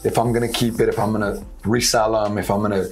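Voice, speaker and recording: Low-voiced male host, relaxed, chimes in easily. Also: quick pace, faint music behind. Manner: laid-back, agrees and chimes in. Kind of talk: casual chat.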